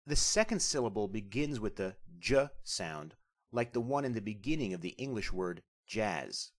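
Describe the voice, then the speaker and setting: Male language instructor, scripted lesson narration, animated rising-and-falling delivery, careful articulation. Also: medium pitch. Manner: careful, deliberate, spells out sounds slowly.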